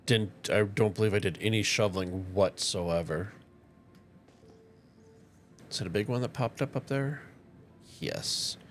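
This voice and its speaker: A man's voice: fairly low pitch, measured pace, long pauses, faint music behind. A man from northern Minnesota with a Minnesotan accent, chatting casually with viewers while live-streaming a game. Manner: relaxed, chatty, talks to viewers while playing. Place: tiny home.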